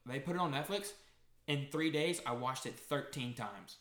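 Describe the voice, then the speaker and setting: A man's voice: mid-range voice, normal speed, fairly bright tone. A young man in casual chat with friends, easygoing and enthusiastic. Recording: echoey room.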